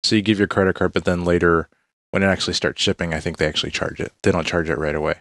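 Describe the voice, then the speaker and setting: A man's voice: low voice, fairly even intonation, very fast, fairly bright tone, dry recording, studio quality. A man co-hosting a casual tech podcast, explaining things in an easygoing, matter-of-fact way. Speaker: tech reviewer co-host.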